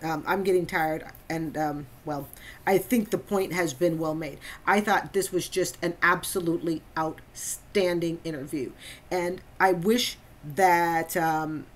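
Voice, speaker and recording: Woman host, lower pitch, emphatic reaction commentator who repeats for stress.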